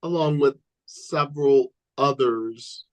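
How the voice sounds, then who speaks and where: A man's voice: mid-range voice, slow pace, poor audio. Rambling male ring announcer on a podcast. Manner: rambling, repeats himself, acts out quotes. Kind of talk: casual chat, storytelling.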